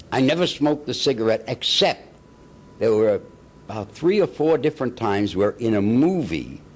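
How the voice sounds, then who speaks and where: An older man, a veteran actor being interviewed, telling stories in an animated way, chuckling and acting out the people he quotes. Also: medium pitch, measured pace. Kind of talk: anecdotal storytelling.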